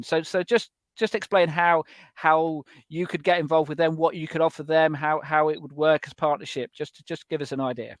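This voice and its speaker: A podcast host with a fairly high voice builds his questions slowly, restarting and repeating words along the way. His sound is dry and close, with no room echo. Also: steady tone. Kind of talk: interview questions.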